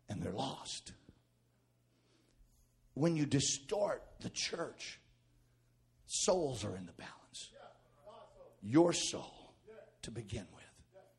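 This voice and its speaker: A male pastor preaching a sermon, dropping to a hush and then rising to shouted, fervent peaks. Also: mid-range voice. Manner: swings from hushed to shouting.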